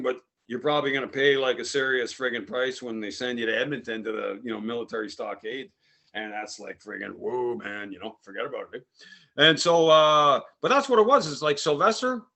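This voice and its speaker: With a slightly high, somewhat bright voice, this podcast host, a French Canadian man from Canada, rambles through a laid-back story. He leans heavily on "eh" and "man" as fillers.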